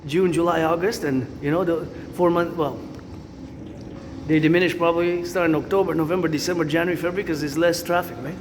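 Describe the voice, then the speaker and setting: A man's voice: fairly high pitch, fairly even intonation, brisk. Rambling man on a noisy city street. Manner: rambling, repetitive, thinks aloud, chants cadences. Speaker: vlogger. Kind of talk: rambling walking vlog. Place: city streets outdoors with traffic. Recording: street noise behind.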